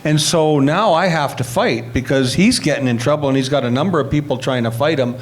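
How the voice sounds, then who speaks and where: Middle-aged former player, slightly high voice, animated anecdotal interview delivery. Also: male voice, brisk. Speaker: retired hockey player telling stories. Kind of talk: storytelling interview.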